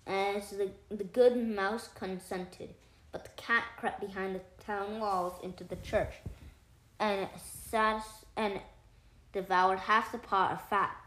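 A woman's voice: mid-range voice, slight background noise. Woman reading a fairy tale aloud. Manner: calm, measured storytelling. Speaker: storyteller. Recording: roomy echo.

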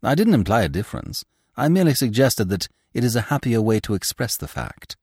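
A bland, inscrutable young man who deflects every jab with calm irony, as a male narrator reads him. The delivery is smooth and lively in pitch, close and dry. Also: brisk, no echo. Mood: unruffled. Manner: cool, unruffled, ironic. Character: clever young man, bland and quick-witted.

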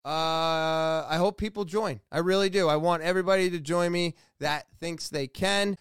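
A man in his thirties talking to camera in a rambling, animated way, swearing freely as he tells a story. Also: fairly high pitch, normal speed, hardly any pauses, smooth, no echo, studio quality. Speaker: vlogger. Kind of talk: casual storytelling monologue.

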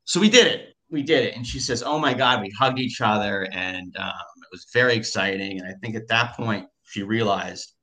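Bright-voiced man telling a story. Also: on the low side, moderate pace, hardly any pauses. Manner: animated, repeats himself, many fillers and restarts. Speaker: guest telling a personal story. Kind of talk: casual storytelling.

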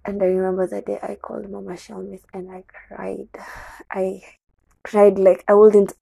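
Husky, gravelly Kenyan woman telling a confession. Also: mid-range voice, completely flat delivery, normal speed, dark tone, dry recording, low-quality recording. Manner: candid, code-switching into Swahili. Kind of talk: confessional personal storytelling.

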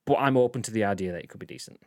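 Male co-host, deep-ish, opinionated rant with restarts, dry mic. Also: racing, dry recording. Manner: animated, ranting, frequent restarts. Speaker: show host. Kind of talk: casual gaming news chat.

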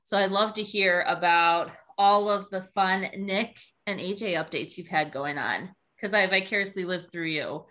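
A young adult woman co-hosting a podcast, chatting casually and telling stories in an animated way. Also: on the low side, normal speed, few pauses. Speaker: podcast co-host.

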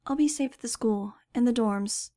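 A woman's voice: on the high side, normal speed, dark tone, lightly acted. A woman voicing an eager, pleading eleven-year-old girl in an audiobook.

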